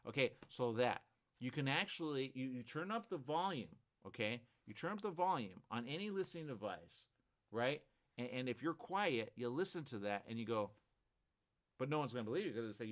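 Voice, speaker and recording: A man hosting a live morning show, rambling through animated asides full of restarts. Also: mid-range voice, brisk. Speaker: host.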